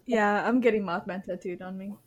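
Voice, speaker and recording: A young woman co-hosting a casual joking chat, giggly and deadpan, often trailing off mid-sentence. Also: mid-range voice, a little fast. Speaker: co-host answering questions.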